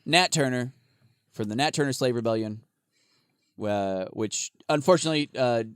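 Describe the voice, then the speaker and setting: A man's voice: mid-range voice, normal speed, clean tone, no echo, studio quality. A man co-hosting a podcast, rambling casually with lots of swearing and laughter. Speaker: podcast co-host.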